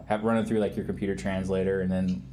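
A man's voice: sits low, flat delivery, quick pace, dark tone, slight background noise. A man appearing as a game developer guest on a podcast, chatting casually and rambling with self-deprecating jokes. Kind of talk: casual chat.

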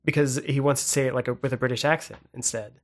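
A man in casual conversation about films, rambling with halting restarts and fillers. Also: medium pitch, fairly even intonation. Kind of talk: casual movie chat.

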